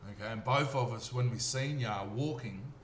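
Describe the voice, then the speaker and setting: Speaking at a normal speed in a medium pitch, this Australian storyteller gives an earnest, wandering testimony about his own life. He's repetitive and often pauses to ask "okay?" to make sure his listener is following. There's a roomy echo and a little faint noise.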